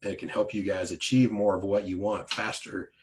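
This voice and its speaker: A man's voice: on the low side, flat delivery, fairly quick, slight background noise. A man coaching an online group in a conversational, emphatic way, with many fillers and restarts. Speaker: business coach. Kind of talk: live online coaching talk.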